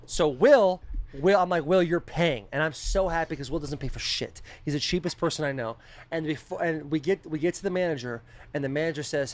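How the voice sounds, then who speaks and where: Guy on a podcast hyping up a story, swears a lot, voice sits a bit high. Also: brisk. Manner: animated, profane storytelling. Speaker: podcast co-host. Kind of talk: casual chat.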